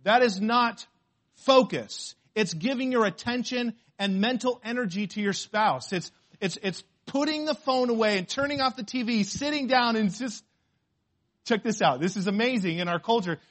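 High-voiced preacher, loud then hushed. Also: male voice, normal speed. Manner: preaching with swings from loud emphasis to hushed asides; repeats key phrases, asks the congregation questions. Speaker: pastor. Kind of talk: sermon.

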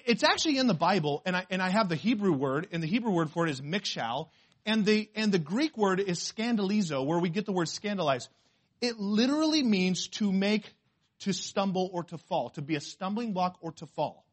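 A male pastor preaching a sermon, emphatic and full of rhetorical questions, swinging from quiet asides to loud declarations. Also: high-pitched, animated, a little fast.

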